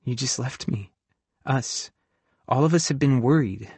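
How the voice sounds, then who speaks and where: An earnest young woman counselor speaks her hurt feelings plainly, as a male audiobook reader puts her on. Her voice sits a few steps above the reader's own low tone. The audiobook sound is dry and close, with no room around it. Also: measured pace, a little mellow, breathy edge, no room sound. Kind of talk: audiobook dialogue reading.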